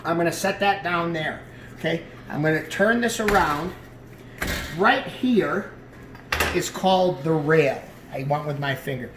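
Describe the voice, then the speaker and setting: A man's voice: on the high side, measured pace, noisy background. A man, a chef, talking viewers through trimming a tenderloin in a casual cooking demonstration, chatty and asking them questions. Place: kitchen. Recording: echoey room with faint ambience.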